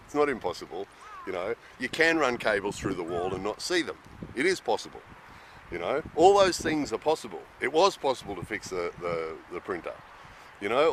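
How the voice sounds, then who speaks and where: A man's voice: fairly low pitch, a bit bright. A man ranting in a casual vlog monologue, exasperated, sometimes mimicking the people he complains about. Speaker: vlogger living abroad. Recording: wind noise outdoors.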